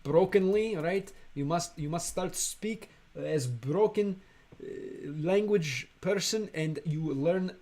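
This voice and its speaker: An American man from Chicago chatting casually on a livestream, rambling and halting, with many fillers and restarts. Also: high voice, a little mellow. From Chicago, USA. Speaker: streamer and language learner.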